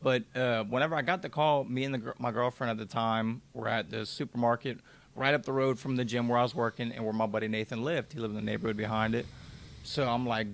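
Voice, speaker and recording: A man's voice: mid-range voice, flat delivery, fast. A man in his twenties, a podcast guest telling his personal story in a candid, raw way and swearing freely.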